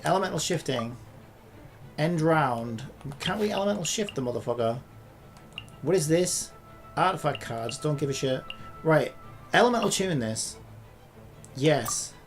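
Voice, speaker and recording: A man commentating live gameplay, frustrated and swearing often, ranting at the game. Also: on the high side. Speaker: gaming streamer.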